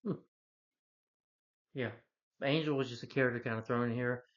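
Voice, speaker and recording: Rambling through a casual movie review, a man keeps restarting his sentences and slipping into quoted lines. His ordinary mid-pitched voice holds a steady tone at a moderate pace, though the recording sounds dull and lo-fi.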